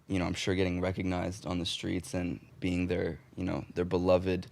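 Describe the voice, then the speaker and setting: A man's voice: deep voice, monotone, moderate pace, creaky, a little mellow, dry recording. A man hosting a casual interview, asking easygoing follow-up questions. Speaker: interviewer, host.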